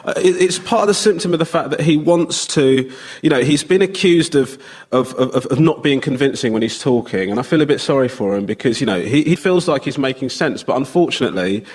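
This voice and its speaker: A man's voice: mid-range voice, fairly quick, darkish tone, husky. A British man on a comedy panel, rambling and stammering through his jokes. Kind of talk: comic panel banter. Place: radio studio before a live audience.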